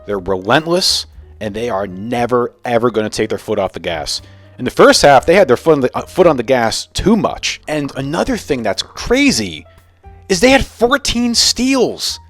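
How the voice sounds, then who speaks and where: Young man, sports vlog host, lively voice that swings up and down, opinionated rants, dry close mic. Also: mid-range voice, normal speed, no echo, faint music behind. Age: young adult. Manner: opinionated, ranting, animated. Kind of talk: casual sports commentary vlog.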